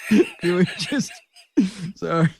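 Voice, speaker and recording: An excitable male podcast co-host whose voice bounces up and down as he talks. He trips over his words and laughs easily in relaxed chat. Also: high voice, takes it slowly, creaky, noisy background. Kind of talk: casual chat.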